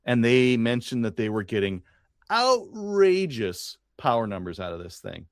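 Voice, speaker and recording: A man's voice: mid-range voice, big pitch swings, moderate pace, smooth, no echo, studio quality. A man co-hosting a podcast, chatting casually and rambling with fillers and restarts, from Canada. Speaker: podcast co-host. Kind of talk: casual chat.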